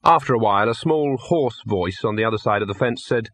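A male narrator reads a comic novel with wry, measured storytelling. His voice sits in a middle pitch. The recording is close and dry, with no room sound. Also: fairly bright tone, no room sound. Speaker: audiobook narrator. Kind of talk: scripted narration.

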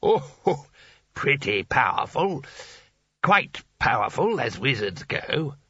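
A husky-voiced man playing a fat, jovial old male wizard who talks in a hearty, slow, indulgent way. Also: medium pitch, sing-song, bright, forceful tone, no room sound, heavily acted. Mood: smug. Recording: dull lo-fi dry recording.

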